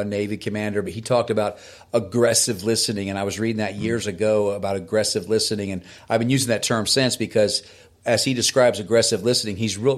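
A man hosting a talk show, asking measured, thoughtful questions. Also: lowish voice. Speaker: host. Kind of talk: casual talk-show conversation.

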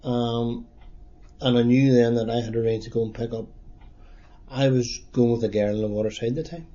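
A man in his sixties with a Derry accent, recalling past events in a halting, plain-spoken way during an oral history interview. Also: medium pitch, level tone, mellow. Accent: Northern Irish, Derry. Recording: dull lo-fi recording.

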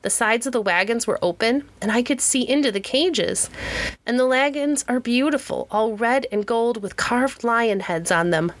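Woman doing a breathless little farm girl, high and eager, storybook style. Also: expressive, moderate pace, lightly acted. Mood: excited. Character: excited young farm girl.

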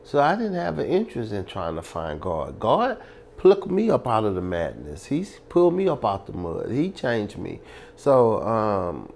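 A man's voice: on the low side, sing-song, normal speed, vocal fry, darkish tone, a little hiss or hum. A man from Louisiana telling his life story in an interview with emphatic, preacherly, streetwise delivery. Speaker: guest.

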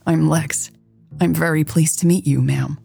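Earnest, jittery young woman read by a woman narrator; husky, dark voice. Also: sits low, steady tone, measured pace, soft background music, exaggerated voice. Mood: nervous. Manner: awkward, stammering.

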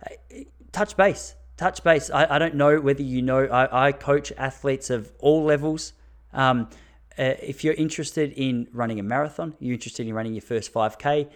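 A man, a running coach talking frankly to his listeners in a casual solo podcast, with fillers and restarts. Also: mid-range voice. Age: 30s.

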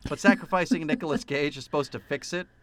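Bright, sarcastic male podcast co-host. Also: fairly high pitch, quick pace. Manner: sarcastic, profane, mock-indignant. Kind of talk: casual film-review chat.

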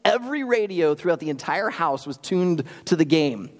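Young male pastor, lively conversational sermon, fairly high voice, church hall reverb. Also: normal speed. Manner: animated storytelling, lively and conversational. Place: church sanctuary.

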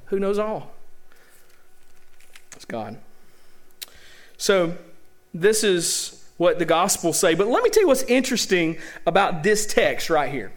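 A man preaching a sermon in a lively, joking way, often tossing rhetorical questions to the congregation. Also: sits high.

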